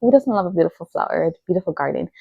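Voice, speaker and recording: A woman's voice: lowish voice, expressive, racing, creaky, slightly rough, no room sound, narrow, tinny audio. A young woman talking casually about books she has read, chatty, with lots of fillers like "like" and "you know". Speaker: book vlogger.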